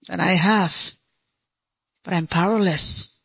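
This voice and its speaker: Impassioned woman pastor with a sermon delivery: bright, dry, and soaring high then dropping low. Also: lively intonation, a little slow, long pauses, slightly rough, dry recording, low-quality recording. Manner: impassioned, swinging between high pleading cries and low hushed lines; laughs between lines.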